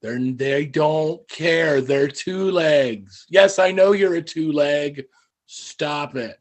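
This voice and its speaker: A man voicing a prim, polite male goat who scolds in a slow drawl in a tabletop game. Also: a little high, voice pushed down. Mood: prim scolding. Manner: drawling, scolding, primly formal.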